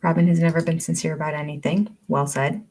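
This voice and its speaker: A woman's voice: sits low, fairly even intonation, quick pace, a little mellow, breathy edge. An older woman hosting a livestream, chatting casually, reading viewer comments aloud and laughing often. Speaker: livestream host.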